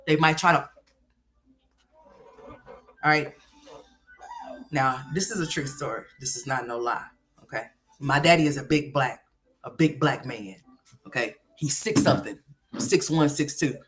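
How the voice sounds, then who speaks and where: An Oklahoma woman hosts a livestream, telling a story in a loose, animated, profane way. She's unhurried with long pauses, sinking to low mutters and then rising to loud exclamations.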